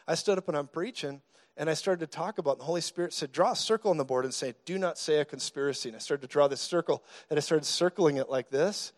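A male preacher in a church meeting, delivering his sermon as lively storytelling. His voice sits a touch higher than most men's, and he jokes with the crowd before breaking into sudden loud bursts.

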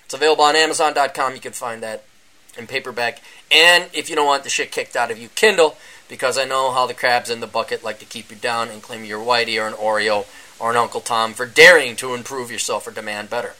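A man hosting a casual solo podcast, rambling and sarcastic, often mocking other people in a high voice. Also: fairly even intonation, fast talker, bright, forceful tone. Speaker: podcast host. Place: indoors during a power outage.

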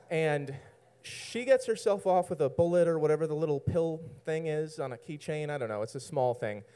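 A man's voice: on the high side, expressive, moderate pace, warm tone, smooth. A man telling a personal story to an audience, rambling and self-mocking, often laughing at his own lines.

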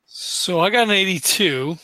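A man's voice: sits high, animated, unhurried, pushed and bright, dry recording. A man playing a tabletop game, chatty and full of fillers. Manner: chatty, many likes, restarts. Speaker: player.

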